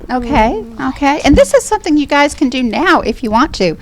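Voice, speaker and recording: A woman's voice: high-pitched, sing-song, fairly quick. Friendly woman teacher calling on students. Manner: friendly, directs turns, gives brief praise. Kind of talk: classroom discussion moderating. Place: school room with students.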